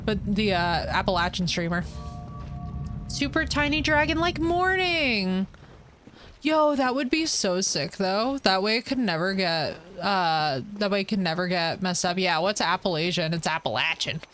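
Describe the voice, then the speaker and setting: A woman's voice: medium pitch, lively intonation, unhurried, fairly bright tone, a little hiss or hum. A woman streamer from the United States chatting playfully while she plays a video game live and reads out viewer messages. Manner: playful, chatty, reads chat aloud, teasing jokes. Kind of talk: casual live gameplay chat.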